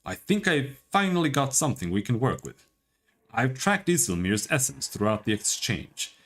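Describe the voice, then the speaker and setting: A man voicing an excitable female scholar who studies souls, giving eager, clipped instructions. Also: medium pitch, moderate pace, husky, heavily acted. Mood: pleased.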